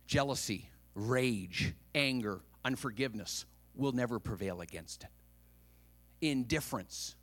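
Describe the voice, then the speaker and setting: A male pastor preaching a dramatic sermon, dropping to a hush and then rising loud. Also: mid-range voice.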